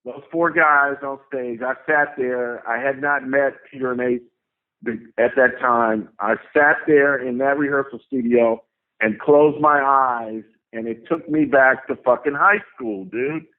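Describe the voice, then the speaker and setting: A man's voice: mid-range voice, steady tone, a little slow. A man telling a story as a guest in an interview, talking in an emphatic way and swearing often, heard over a phone line. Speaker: guest, tour manager.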